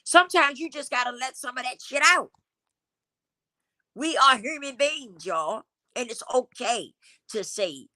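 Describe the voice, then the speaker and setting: A woman's voice: fairly high pitch, measured pace, sharp tone, dry recording. A woman hosting a livestream, talking emphatically to her viewers in casual vernacular, a little stuffy from a cold. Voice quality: slightly congested from a cold. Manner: emphatic, preachy, addresses the audience as y'all; African American Vernacular English speech. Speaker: livestream host. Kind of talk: casual motivational talk to viewers.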